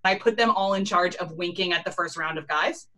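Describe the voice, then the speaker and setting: A woman's voice: on the low side, fairly quick, bright, forceful tone. A woman, co-hosting a casual chat over a call with wry quips and plenty of swearing. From Philadelphia, US. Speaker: podcast co-host. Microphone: remote call recording.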